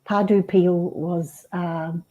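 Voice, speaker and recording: Woman guest, soft mellow tone, slow reflective spiritual musing, lots of restarts. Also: on the low side, steady tone, lo-fi sound. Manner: unhurried, many restarts and fillers. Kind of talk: reflective spiritual talk on radio.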